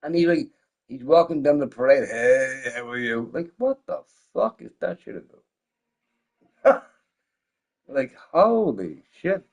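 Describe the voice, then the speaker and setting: A man's voice: a little high, very animated, measured pace, vocal fry, long pauses, darkish tone, breathy edge. A man streaming a game while a little drunk, chatting casually in a rambling way, swearing a lot and laughing often. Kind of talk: casual live-stream chat.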